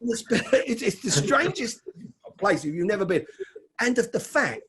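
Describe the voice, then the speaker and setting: A man's voice: high voice, very animated, a little slow, background noise. A middle-aged man, telling stories as an interview guest in a chatty way. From London. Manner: chatty, calls the host mate. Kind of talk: casual storytelling.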